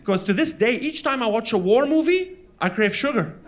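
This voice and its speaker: A man's voice: very high voice, animated, normal speed. A man from Lebanon performing a stand-up comedy set, telling stories and acting out his parents in voices. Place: comedy stage before a laughing audience.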